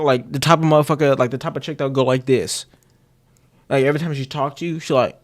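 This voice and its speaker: A man's voice: fairly high pitch, steady tone, quick pace. Rambling, profane male streamer. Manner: profane, rambling, with slang and repeated restarts. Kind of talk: casual chat.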